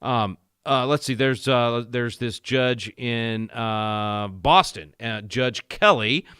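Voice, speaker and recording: A man's voice: medium pitch, slow, bright, forceful tone, clear, resonant tone, no echo, studio quality. A male radio host giving emphatic talk radio commentary, rising sharply on key points, with many fillers and restarts. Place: radio studio.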